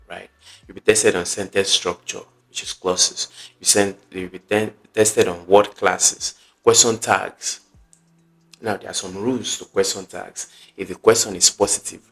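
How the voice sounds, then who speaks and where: Deep-voiced man teaching exam prep. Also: steady tone, normal speed, creaky, fairly bright tone, soft background music. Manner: chatty teacher, peppers talk with okay and right; emphatic, repeats key points. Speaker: exam tutor. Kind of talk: online exam-prep lesson.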